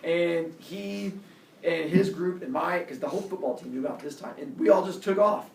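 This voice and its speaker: Man in his own voice, casual storyteller who acts out quotes; slightly high, recorded off-mic in a reverberant room. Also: normal speed, gravelly, distant mic, a little hiss or hum. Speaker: coach.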